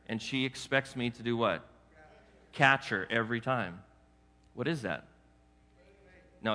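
Lively man preaching in an echoey hall. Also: medium pitch. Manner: animated, conversational preaching with quick acted asides. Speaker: pastor. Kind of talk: sermon.

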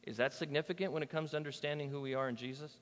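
A man's voice: on the high side, steady tone, rapid-fire, a bit bright. Conversational male pastor in a reverberant hall. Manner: conversational, banters with the congregation. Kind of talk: sermon.

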